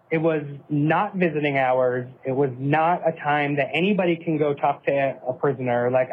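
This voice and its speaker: A man earnestly recounting a personal story, often quoting what he and others said. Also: a little high. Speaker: interviewee recounting events. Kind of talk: personal account, clip played on a podcast. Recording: tinny phone-like audio.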